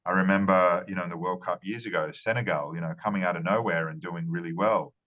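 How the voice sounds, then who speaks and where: A man with a very low voice gives earnest interview answers. He often repeats words and restarts his phrases. The sound is dull and lo-fi. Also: fast talker, fairly bright tone. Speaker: marketing strategist guest.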